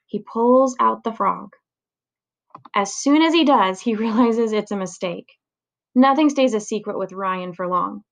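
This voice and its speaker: A woman reading a children's chapter book aloud in a clear, steady storytelling voice. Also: medium pitch, unhurried, pauses often. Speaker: reader.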